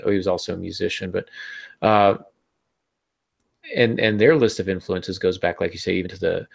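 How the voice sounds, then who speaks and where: A man co-hosting a podcast about writing, chatting casually, cracking easy jokes and speaking haltingly with many fillers. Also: deep voice, fairly even intonation, gravelly. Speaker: podcast co-host.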